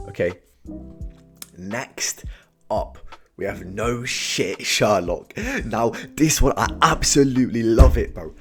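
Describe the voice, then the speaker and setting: A young British man ranking phrases in casual comedy commentary, full of slang and "bro", veering from low mumbles to sudden shouted verdicts. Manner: slangy and animated, keeps saying "bro", swings from mumbling to shouting. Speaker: tier list host.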